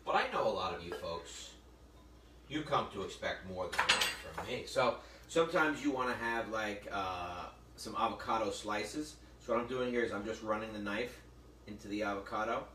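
A man's voice: fairly low pitch, normal speed. Middle-aged man, chatty cooking host, talks from across an echoey kitchen, faint background hum. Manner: chatty storyteller, jokey asides to viewers. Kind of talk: casual cooking demonstration. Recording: echoey room from a distance, faint ambience.

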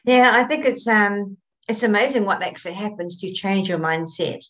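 A woman's voice: mid-range voice, moderate pace, a bit bright. An older woman, a grandmother, hosting an interview with encouraging affirmations. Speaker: host, author. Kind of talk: interview chat.

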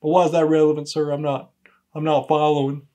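A man's voice: on the high side, little pitch movement, brisk, mellow, lightly acted. An actor playing a dim, eager male border patrol officer who keeps saying sir and rambling through excuses in a comedy sketch.

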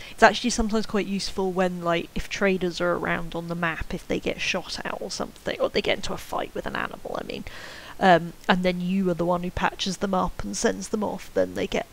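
A woman giving casual, wry commentary over her own gameplay, chatty and self-mocking, with sudden excited yelps. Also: lowish voice, gravelly, a little hiss or hum, rough recording. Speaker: game streamer commentating.

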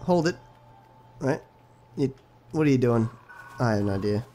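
A young man casually commenting on his own video game playthrough, excitable and profane, talking back to the characters on screen. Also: mid-range voice, normal speed, soft background music. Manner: excitable, swears a lot, talks to the game characters. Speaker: gaming channel host. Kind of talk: casual let's play commentary.

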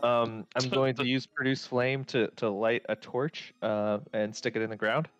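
A man's voice: medium pitch, little pitch movement, moderate pace, clear, resonant tone, muffled recording. Hesitant, playful male player. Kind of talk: casual tabletop banter.

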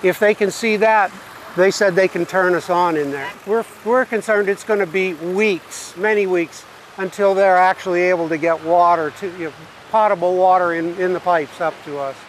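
A local man outdoors by a creek, talking in a worried, halting way in a field interview. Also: high-pitched, a little hiss or hum, rough recording. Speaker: local resident.

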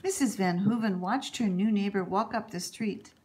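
A woman reading a children's picture book aloud in an expressive, animated storytelling manner. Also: mid-range voice, normal speed, slight background noise. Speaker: reader.

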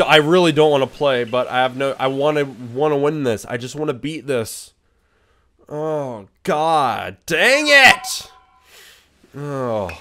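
A young man hosting a gaming video, commenting as he plays and often sliding from muttered complaints into yelled outbursts of frustration. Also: mid-range voice, slight background noise. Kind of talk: let's play commentary.

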